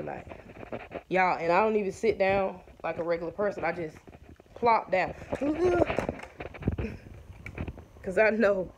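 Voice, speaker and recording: Woman vlogger, chatty and winded, talking to camera at home, faint background hiss. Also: mid-range voice. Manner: chatty, addresses viewers as y'all. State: short of breath. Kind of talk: casual chat to viewers. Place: at home indoors.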